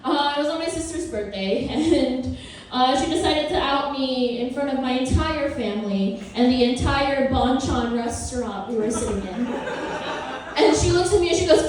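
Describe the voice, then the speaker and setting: High-voiced woman doing stand-up comedy. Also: lively intonation, normal speed, slight background noise. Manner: playful, self-mocking, conversational. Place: comedy club with live audience. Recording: roomy, distant live club recording.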